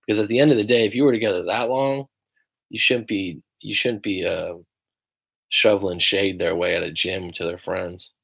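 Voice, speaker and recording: Blunt, cursing male coach, lowish voice. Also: fairly even intonation, moderate pace, gravelly, fairly bright tone. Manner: blunt, profane, emphatic; reads viewer comments aloud. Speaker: relationship coach. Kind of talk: livestream Q&A.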